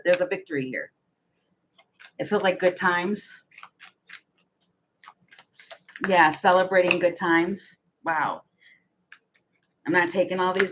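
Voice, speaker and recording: Musing low-voiced woman reading tarot. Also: fairly bright tone, a little hiss or hum, low-quality recording. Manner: musing, hesitant, restarts often, giggly. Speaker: tarot reader. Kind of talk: casual tarot reading monologue.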